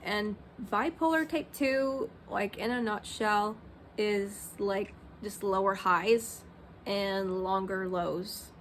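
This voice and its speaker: A woman's voice: mid-range voice, slow pace, slight background noise. A woman in her thirties talking candidly in a personal vlog, rambling with many fillers like "um" and "like". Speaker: Christian vlogger.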